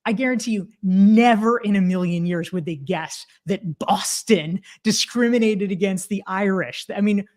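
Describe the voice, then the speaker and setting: A woman in her forties talks through her views in a relaxed interview. Her voice sits in the middle range, and she sounds emphatic and animated, piling up fillers and restarting her sentences. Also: mid-range voice, normal speed, few pauses. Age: 40s. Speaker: podcast guest, author. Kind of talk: casual conversational interview.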